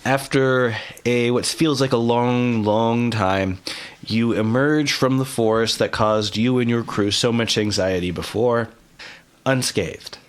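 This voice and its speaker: Guy running a tabletop game, playful gm narrating, mid-pitched voice. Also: takes it slowly, clean tone. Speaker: game master.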